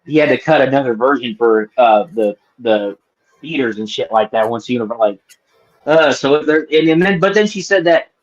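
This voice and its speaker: A man joining a livestream chat, rambling and halting with lots of fillers. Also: medium pitch, animated, muffled recording. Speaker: co-host guest. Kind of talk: casual chat.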